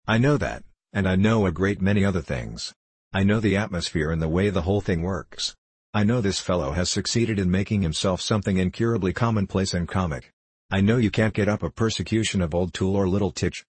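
Man reading as a world-weary ironic gentleman sleuth. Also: low voice, a little fast, breathy edge, no echo. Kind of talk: audiobook dialogue reading.

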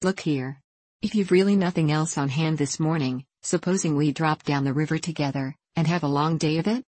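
A woman voicing an easygoing, dreamy male water rat in a storybook reading, speaking in a solemn, unhurried, musing way. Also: sits low, darkish tone, no echo.

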